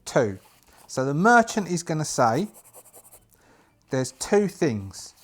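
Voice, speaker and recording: A man's voice: on the high side, big pitch swings, slow. A man narrating a solo tabletop game, thinking aloud and restarting often as he rolls dice. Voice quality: thinks aloud while rolling dice, stop-start restarts. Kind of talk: casual solo actual-play narration.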